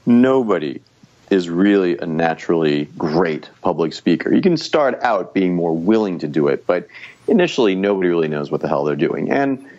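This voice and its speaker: A man as the guest expert in a podcast interview, explaining public speaking in an animated, coaching way. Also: sits low, muffled recording. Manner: animated, coaching, uses quoted inner voices.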